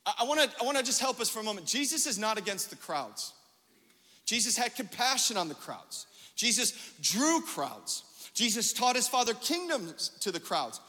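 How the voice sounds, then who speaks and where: High bright-voiced pastor preaching in a hall. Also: male voice, normal speed. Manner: storytelling with lively quoted dialogue. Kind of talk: sermon.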